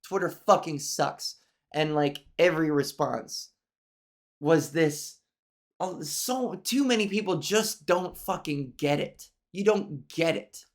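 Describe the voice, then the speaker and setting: A woman hosting a solo podcast, talking frankly with a nasal voice and plenty of swearing, consciously lifting her voice higher and forward as she talks. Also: slow pace. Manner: frank, profane, venting with restarts. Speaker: podcast host. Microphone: camera mic angled up from below.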